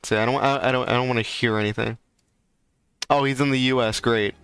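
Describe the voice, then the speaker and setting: A man's voice: mid-range voice, steady tone, fairly quick, a bit bright, smooth, no room sound. A man chatting casually on a livestream, rambling and ranting with lots of fillers. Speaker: streamer.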